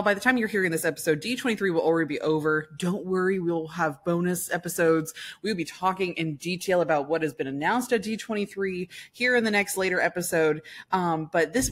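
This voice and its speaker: A woman co-hosting a casual podcast, bubbly and excitable, rambling along in a playful put-on showy voice. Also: on the low side. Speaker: podcast co-host. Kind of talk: casual chat.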